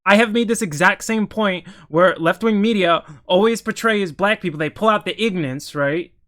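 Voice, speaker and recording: A man with a notably high-pitched voice delivers casual political commentary, reacting to news pieces. He talks in an opinionated, heated way and keeps breaking off to restart his sentences. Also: moderate pace, pushed and bright.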